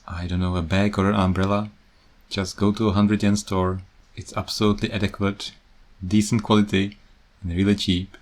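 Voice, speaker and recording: A Czech man hosting a podcast, talking casually and with amusement about teaching English, laughing often. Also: lowish voice. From Czech Republic. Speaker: podcast host.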